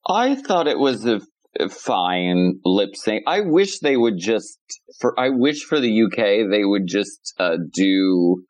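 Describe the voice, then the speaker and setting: A man's voice: lowish voice, sing-song, takes it slowly, dry recording. An American man co-hosting a podcast in casual chat, campy and self-interrupting. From United States. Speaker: podcast co-host.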